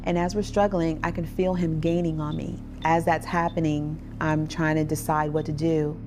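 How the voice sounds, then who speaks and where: A woman earnestly telling her own story as a survivor advocate, with restarts, over soft music. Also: sits low, little pitch movement, normal speed, noisy background. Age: adult parent. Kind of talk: personal testimony.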